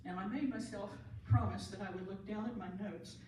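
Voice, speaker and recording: A woman's voice: medium pitch, steady tone, fairly quick. Earnest woman speaker in an echoey room. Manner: earnest, repeats key phrases for emphasis. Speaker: end of life doula and pastor giving a talk. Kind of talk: conference talk to a live audience. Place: large room, speaking to an audience. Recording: very echoey room audio from far off, light hiss.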